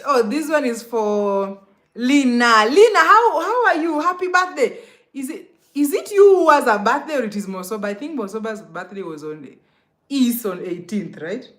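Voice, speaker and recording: A woman's voice: fairly high pitch, expressive, moderate pace, fairly bright tone. A young Kenyan woman chatting casually on a live stream, greeting commenters by name and laughing often.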